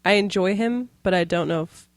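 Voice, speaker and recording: A woman co-hosting a relaxed podcast, giggly and playful. Her voice has an average pitch and sounds close and dry on the mic. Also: fairly quick, no room sound. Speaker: podcast co-host. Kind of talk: casual chat.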